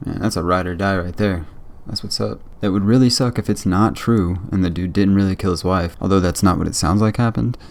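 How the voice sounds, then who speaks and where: A man's voice: low-pitched, a little fast, gravelly. A man hosting a reaction video, chatting casually, joking and laughing as he reacts. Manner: joking, laughs often, offhand; enthusiastic sign-off to viewers. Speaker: reaction channel host.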